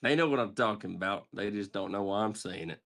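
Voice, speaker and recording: A man's voice: lowish voice, fast, gravelly, a bit bright. A man in casual chat, joking in a folksy manner and retelling scenes.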